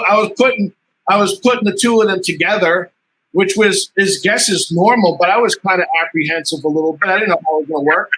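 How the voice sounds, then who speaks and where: Sitting high in pitch, this man's voice comes through a rough recording with a little hiss or hum. A martial artist in a casual interview, he spins animated stories, laughing frequently and performing what others said.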